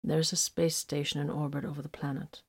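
Brief: a woman reading as a grim, quiet-spoken male space marine psyker, low and clipped, storybook narration. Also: fairly even intonation, a little fast, close to an everyday voice. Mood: hushed. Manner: quiet, clipped, then bursts into roaring.

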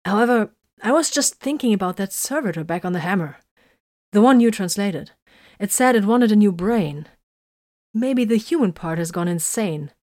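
A woman voices a friendly, thoughtful younger male warrior who is working through an idea and explaining it. Her delivery is lightly acted and expressive at a moderate pace, medium in pitch but above her own natural voice, with a darkish tone. The recording is dry and studio quality.

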